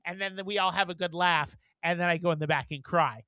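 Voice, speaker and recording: Animated gay podcast co-host, dry sound. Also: male voice, a little fast, smooth, dry recording. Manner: animated, acts out quotes with big jumps in pitch and volume. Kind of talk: casual storytelling chat.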